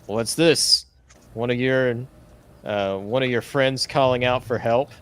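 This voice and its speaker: A man's voice: medium pitch, measured pace, smooth, lightly acted. A man voicing a mocking male cyborg gang leader with a chainsaw hand, in a theatrical, taunting way.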